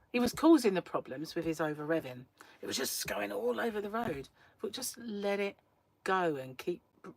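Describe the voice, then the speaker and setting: Chatty woman, low voice. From England. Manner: chatty storyteller who laughs often. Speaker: crochet livestream host. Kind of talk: casual live-stream chat.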